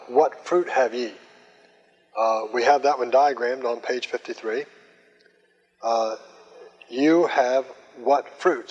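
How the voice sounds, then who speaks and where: A man teaching a Greek grammar lesson in a slow, methodical way, with frequent filler pauses. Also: mid-range voice, a little mellow, breathy edge. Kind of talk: recorded classroom lecture. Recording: dull recording with long reverb.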